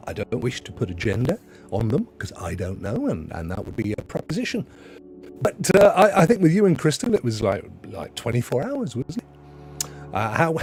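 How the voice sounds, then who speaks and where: A man's voice: on the high side, darkish tone. A middle-aged man hosting a casual livestream, rambling through jokey chat and talking straight to his viewers. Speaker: livestream host.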